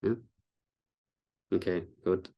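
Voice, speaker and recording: Low-voiced man explaining design casually. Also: completely flat delivery, slow pace, vocal fry, highs cut off. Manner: explanatory, casual, many fillers and restarts. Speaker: content designer giving a talk. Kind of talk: presentation to a meetup audience.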